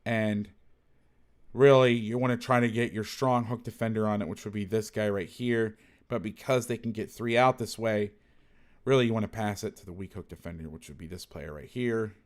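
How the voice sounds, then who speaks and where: A man's voice: lowish voice, normal speed. Blunt man breaking down football film. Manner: blunt, thinks aloud, self-correcting, salty language.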